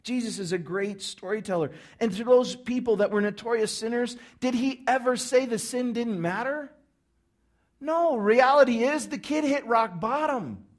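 A man preaching a sermon, telling a story with lively acted-out crowd reactions. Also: very high voice, moderate pace. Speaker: pastor.

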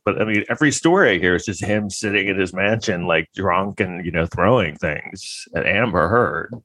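Low-voiced man with a crude, rambling, sarcastic delivery. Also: lively intonation, moderate pace, hardly any pauses, pushed and bright. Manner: crude, rambling, sarcastic, many fillers and restarts. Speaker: comedian. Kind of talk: comedic monologue.

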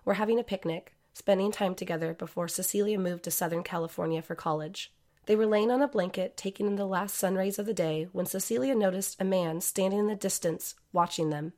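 A woman narrating a true-crime story in a measured, scripted way. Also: medium pitch, darkish tone.

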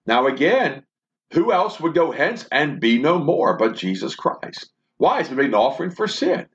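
A man's voice: on the high side, big pitch swings, moderate pace, a bit bright. Man preaching, fervent, sing-song rising and falling voice, dull lo-fi sound. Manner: fervent, rhythmic preaching with repeated phrases. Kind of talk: radio Bible teaching sermon.

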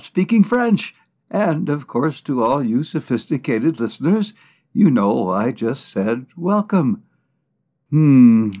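A man's voice: medium pitch, a little mellow. A man co-hosting a comedy podcast, trading playful wisecracks with his partner. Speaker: podcast co-host. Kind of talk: casual comic chat.

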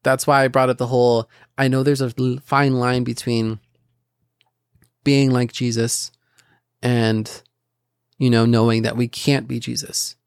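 A man's voice: mid-range voice, flat delivery, unhurried, pauses often, smooth, no room sound, clean studio sound. A man hosting a casual Christian podcast, talking earnestly in a rambling way with restarts and asides. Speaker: podcast host.

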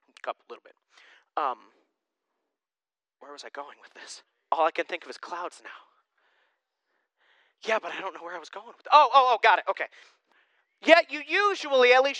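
Energetic, forceful young preacher. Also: male voice, sits high, no room sound, low-quality recording. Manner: animated, joking, conversational. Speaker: pastor. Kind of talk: sermon.

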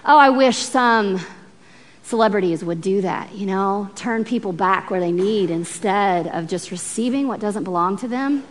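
A woman preacher giving a sermon, telling the story in a lively, animated way and acting out the people in it. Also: mid-range voice, normal speed, few pauses, in a large hall.

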